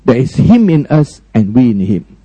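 A man preaching a sermon with a warm, mellow voice, recorded close and dry. He preaches emphatically, climbing high and loud, then dropping low and quiet, and often puts questions to his listeners. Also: big pitch swings, moderate pace, slightly rough, no echo, poor audio. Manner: emphatic, swinging between high raised lines and low quiet ones; frequent direct questions to the congregation.

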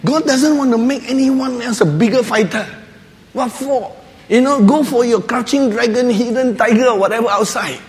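A man delivers a light-hearted sermon in a notably high voice, laughing often and slipping into little acted voices. His words ring out with the long reverb of a large hall. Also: normal speed. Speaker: preacher. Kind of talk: humorous sermon.

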